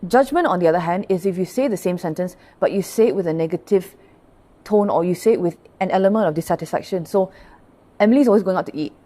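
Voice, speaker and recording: A woman's voice: fairly low pitch, fast talker, dark tone. Patient woman pastor teaching. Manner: patient, explanatory, checks in often with "all right?"; greets live viewers by name between points. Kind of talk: livestreamed Buddhist dharma talk.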